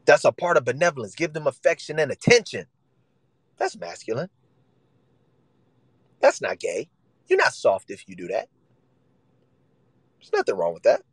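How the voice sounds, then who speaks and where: A man's voice: medium pitch, huge pitch swings, moderate pace, long pauses, husky, no echo, low-quality recording. A man preaching a sermon in casual vernacular, emphatic and repetitive, acting out the voices he quotes.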